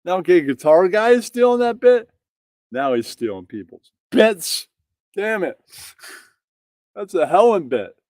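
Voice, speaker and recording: Male host, mocking profane rant, higher voice, dry close mic. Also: big pitch swings, measured pace, long pauses, a little mellow, no room sound. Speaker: stream host reacting to clips. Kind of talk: crude comedic rant.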